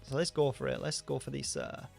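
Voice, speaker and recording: A man with a softened Rochdale accent from Greater Manchester, chatting on a livestream as host and answering viewer questions, rambling with many fillers and restarts. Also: medium pitch, big pitch swings, fairly quick, vocal fry, soft background music. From Northern England. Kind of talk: casual livestream chat.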